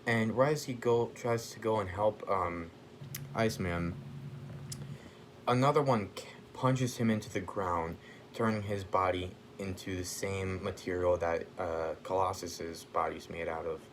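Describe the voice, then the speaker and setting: A man's voice: sits low, a little slow, slight background noise, rough recording. A man casually improvising a fan story, rambling and stopping to search for names.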